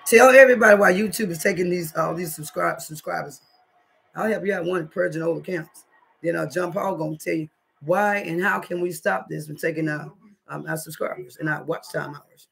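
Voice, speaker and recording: A man's voice: a little high, steady tone, normal speed, vocal fry, fairly bright tone, far from the mic. Chatty man cooking in an echoey kitchen. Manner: loose, chatty, talks straight to viewers with lots of "y'all". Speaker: cooking vlogger. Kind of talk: casual cooking vlog chat. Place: home kitchen.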